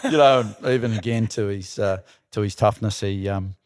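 A man's voice: on the low side, steady tone, normal speed, a little mellow, no echo, clean studio sound. A middle-aged Australian man, a podcast guest, telling stories in casual chat, laughing often and swearing easily. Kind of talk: casual storytelling.

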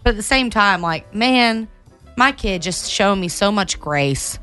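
A woman's voice: medium pitch, expressive, a little slow, sharp tone, clear, resonant tone, faint music behind. A young woman co-hosting a casual morning radio show, telling a family story in a chatty, emotional way.

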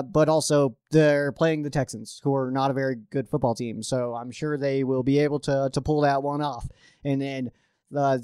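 Chatty higher-voiced man talking football. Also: clear, resonant tone, no echo, clean studio sound. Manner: rambling, restarts, lively swings in emphasis. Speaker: sports podcast host. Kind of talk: casual football picks commentary.

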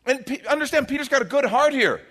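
Animated, bright-voiced male preacher. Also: very high voice, fast talker. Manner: animated, conversational preaching with acted-out quotes. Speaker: pastor. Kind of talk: sermon.

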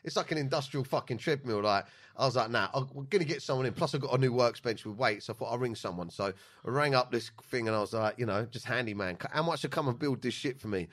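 Fast-talking man. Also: mid-range voice, a bit bright. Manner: swears a lot, acts out quotes in funny voices. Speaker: podcast host. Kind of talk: casual chat, storytelling.

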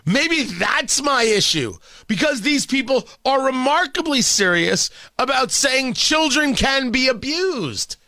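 Emphatic male radio host, lively pitch. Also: dry recording. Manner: emphatic, sarcastic, repeats phrases for effect. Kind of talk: opinion monologue.

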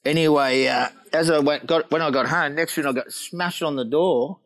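A man's voice: a little high, normal speed, a bit bright, rough recording. Laughing man telling surf stories. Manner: laughing storyteller, acts out quotes. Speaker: guest, former pro surfer. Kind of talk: casual anecdote telling.

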